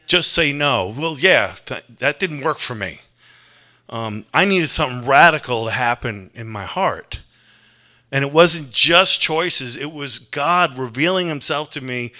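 A man's voice: a little high, pushed and bright. A man from New preaching an earnest, conversational sermon, mixing scripture with personal confession. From New York. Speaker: pastor.

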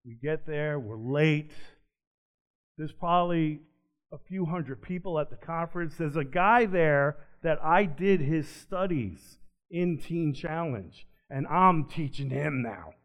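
A man's voice: a little high, slow. Earnest man telling his testimony. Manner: earnest storyteller, swings from animated to hushed. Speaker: ministry speaker. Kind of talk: personal testimony. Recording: dull lo-fi recording.

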